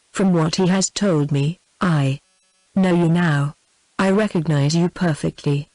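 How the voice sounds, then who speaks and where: A text-to-speech woman's voice with a British English accent, reading a classic novel aloud in an even, synthetic way, using the same voice for every character. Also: low voice, unhurried, no echo, low-quality recording. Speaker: narrator.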